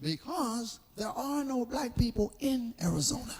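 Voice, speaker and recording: Man, 40s, stand-up comedian, profane storytelling, acts out characters, high voice, very lively pitch. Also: unhurried, creaky, noisy background. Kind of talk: live stand-up comedy routine. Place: live stage show.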